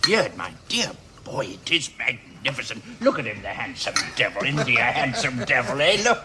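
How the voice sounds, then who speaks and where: A man's voice: medium pitch, very animated, normal speed, background noise, lightly acted. An actor in a radio drama playing a hearty, good-natured older father who chuckles fondly.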